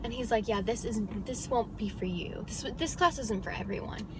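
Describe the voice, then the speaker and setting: A woman's voice: medium pitch, expressive, moderate pace, background noise. A young woman vlogger telling a casual story, rambling and exasperated, with lots of "like". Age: young adult.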